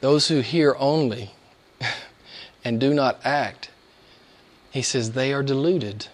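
A pastor preaching a sermon to his congregation, impassioned and repeating key phrases, swinging between soft and loud emphasis. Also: medium pitch, takes it slowly.

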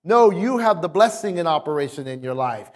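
Man, pastor, emphatic sermon, high-pitched voice, long hall reverb. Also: expressive, fairly quick. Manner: emphatic, call-and-response with congregation. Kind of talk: preaching sermon.

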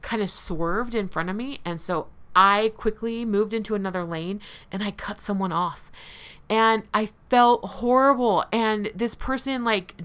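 Candid woman with a bright, smooth voice. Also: medium pitch. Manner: candid, conversational, laughs lightly at herself. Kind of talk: personal recovery talk to listeners.

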